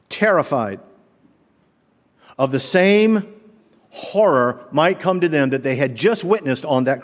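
A middle-aged man preaching a sermon as pastor, animated, asking the congregation rhetorical questions. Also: medium pitch. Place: church sanctuary. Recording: long reverb of a large hall.

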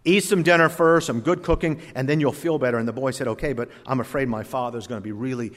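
A man preaching a sermon, swinging from loud emphasis to hushed asides and telling folksy stories. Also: medium pitch, fast. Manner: tells folksy stories with voiced characters. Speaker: pastor. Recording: long hall reverb.

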